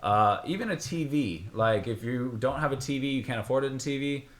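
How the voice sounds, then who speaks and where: A young man co-hosting a casual podcast, building his points through loose asides and quick laughs. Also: mid-range voice. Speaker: podcast co-host. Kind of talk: casual chat.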